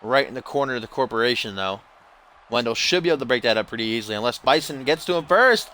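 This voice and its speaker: A man giving casual, excitable play-by-play commentary over a wrestling video game, using slang the way a wrestling announcer would. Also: mid-range voice, fast talker. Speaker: gameplay commentator.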